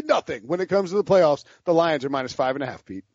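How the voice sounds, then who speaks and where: Male podcast host, fairly high voice, rambling and animated, quick to laugh; dull, dry lo-fi mic. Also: no echo. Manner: rambling, animated storyteller who laughs mid-sentence. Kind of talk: casual sports podcast banter.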